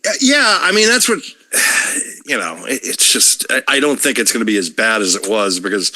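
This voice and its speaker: Hesitant man with a bright, lively voice. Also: lowish voice, normal speed. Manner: agreeable, hesitant, restarting often. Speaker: podcast host. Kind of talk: casual podcast chat.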